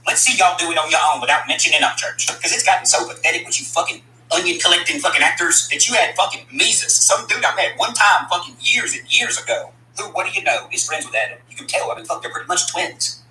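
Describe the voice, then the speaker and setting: Fast, bright-voiced man ranting, roomy echo. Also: a little high. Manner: blunt, cursing, combative. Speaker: country rapper addressing critics. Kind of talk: angry profane rant to camera.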